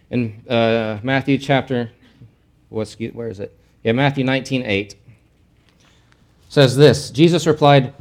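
A middle-aged man giving a Bible teaching in a loose, conversational way. He explains as he goes, doubles back on his words and adds offhand asides. His voice sits at an ordinary pitch for a man. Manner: casual and explanatory, with frequent restarts and asides.

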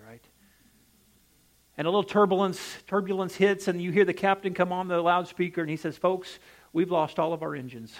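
A male preacher with a voice on the high side delivers a sermon. His emphatic cadence rises and falls, and he often poses direct questions to the congregation.

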